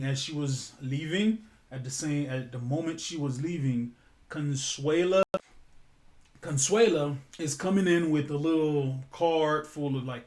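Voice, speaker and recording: A man telling an improvised story in a casual, rambling way, correcting himself and swearing now and then. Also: fairly high pitch.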